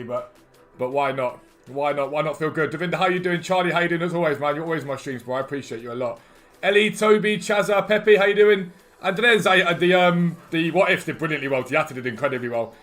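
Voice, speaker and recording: Bloke streaming a game, talks quick, slightly high voice, upbeat, shouting out chat names. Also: male voice. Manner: upbeat, greets chat viewers one by one. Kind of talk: live stream chat over gameplay.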